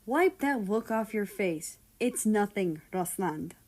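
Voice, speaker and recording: A woman's voice: mid-range voice, animated, takes it slowly, darkish tone. A woman voicing a tired, embarrassed young man who protests in exasperation at his doting father. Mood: exasperated.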